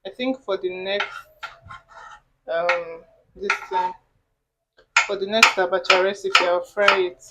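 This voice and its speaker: A woman's voice: lowish voice, fairly even intonation, slow pace, long pauses, heavy background noise. A woman from Nigeria hosting a cooking vlog, chatting casually to viewers as she prepares a dish in her home kitchen. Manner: chatty, talks while cooking, asides to viewers. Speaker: cooking vlogger.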